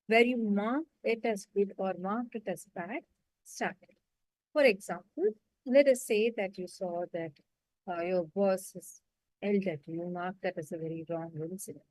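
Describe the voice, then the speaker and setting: Here the woman running the online meditation class speaks at a medium pitch with a darkish tone. She offers patient, step-by-step guidance and regularly checks everyone's understanding, heard through a dry, poor-quality recording.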